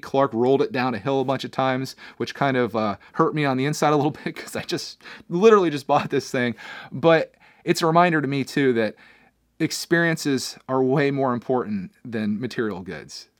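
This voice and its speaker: A man hosts his own podcast and talks to his viewers in a loose, candid ramble. He keeps circling back and restarting his sentences. His voice sits at an average pitch, recorded close in a dry studio. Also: no room sound. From Pennsylvania, USA. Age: adult, father of a young son. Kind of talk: casual personal podcast monologue.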